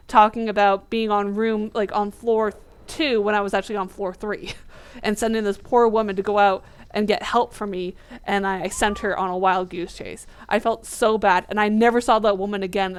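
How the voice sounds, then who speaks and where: A woman hosting a gaming video, telling a personal story in a casual, animated way and acting out her own past lines. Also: medium pitch, clean tone. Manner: animated, acts out her past self in quotes. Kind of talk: casual storytelling over gameplay.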